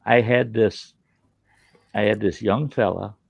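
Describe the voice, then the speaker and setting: A man's voice: fairly low pitch, takes it slowly, creaky, slightly rough, no echo, dull audio. A man hosting a casual chat, rambling through crude stories and laughing at them. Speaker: host.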